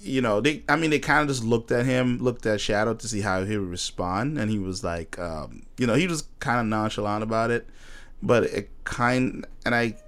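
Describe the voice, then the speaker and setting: Low-voiced man, chatty and laughing. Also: a bit bright, clear, resonant tone. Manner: laughs often, many fillers and restarts. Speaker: podcast co-host. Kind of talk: casual chat about a TV show.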